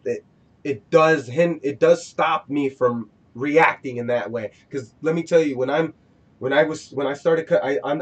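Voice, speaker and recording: A man hosting a casual podcast, rambling and preachy, often restarting his sentences. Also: mid-range voice. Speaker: podcast host.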